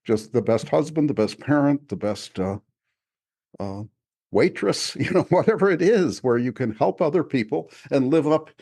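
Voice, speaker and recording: A man, an author, talking in a relaxed podcast conversation, reflective and often chuckling as he restarts his sentences. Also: medium pitch, moderate pace. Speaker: author discussing his spiritual experiences. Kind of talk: casual conversational podcast talk.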